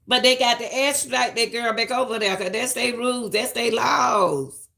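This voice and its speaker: A woman's voice: on the high side, steady tone, fairly quick, sharp tone. A middle-aged woman giving emphatic, preachy live-stream commentary and repeating lines for stress.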